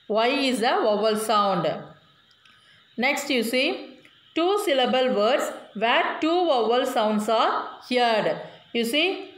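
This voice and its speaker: A woman's voice: a little high, roomy sound. A woman teacher giving a class lesson, patiently spelling words out letter by letter and often checking in with the children. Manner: frequent tag questions to children.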